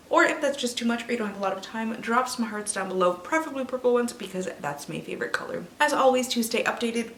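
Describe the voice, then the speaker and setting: A young woman in her twenties, a book vlogger, ranting casually about films in an animated, swearing way while a little tipsy. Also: mid-range voice, a little hiss or hum. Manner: animated, swearing, drops to whispers. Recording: echoey room, mic a bit distant.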